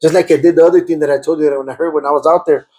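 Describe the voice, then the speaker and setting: A man telling his conversion testimony in a conversation, repeating himself and stammering, and turning loud and fervent as he relives praying, with Spanish words slipping in. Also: fairly high pitch, steady tone, very fast. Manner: grows loud and fervent when reliving prayer. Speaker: guest giving a testimony.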